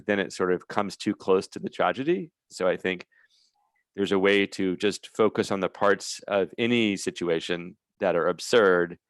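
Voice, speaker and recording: Very low-voiced man, dry and thoughtful. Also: gravelly, no room sound. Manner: thoughtful, measured, slightly hesitant. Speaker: panel guest, former late-night comedy writer. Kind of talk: conversational panel discussion. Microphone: video call.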